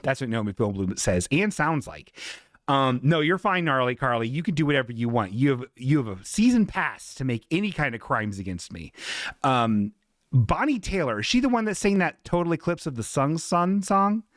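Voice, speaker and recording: Very animated at normal speed, the host's mid-range voice comes through echo-free in studio quality. It's a casual live-stream chat where he reads out messages with jokes, swearing and silly impressions of whoever he's quoting.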